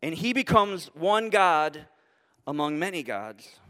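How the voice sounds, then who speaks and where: A man's voice: a little high, lively intonation, takes it slowly, bright, forceful tone. A man preaching a sermon as pastor to a congregation in a church, building his points through emphatic repetition and rhetorical questions. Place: church sanctuary before a congregation. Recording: long hall reverb.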